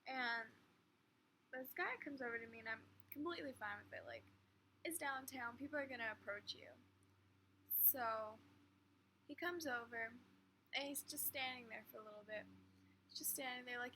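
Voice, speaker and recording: Bright-voiced chatty young woman. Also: on the high side, low-quality recording. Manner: rambling, filler-heavy, animated. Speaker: vlogger. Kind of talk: casual storytime chat. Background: faint fan hum.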